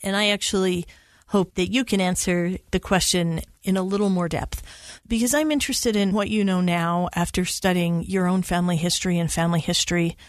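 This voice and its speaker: A woman hosting a podcast, asking her guest a closing question and reading the sign-off in a measured, polished way. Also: lowish voice, fairly even intonation, no echo, clean studio sound. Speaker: podcast host. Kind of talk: podcast interview and outro.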